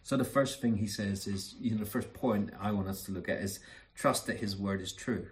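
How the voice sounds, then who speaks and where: A man's voice: fairly low pitch, normal speed. Earnest man preaching a sermon. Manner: earnest, emphatic repetition with soft asides.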